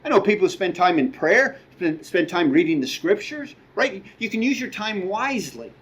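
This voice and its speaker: A man's voice: high voice, sing-song, normal speed, fairly bright tone, poor audio. A middle-aged man preaching a sermon as a guest speaker, conversational, with asides and quoted dialogue.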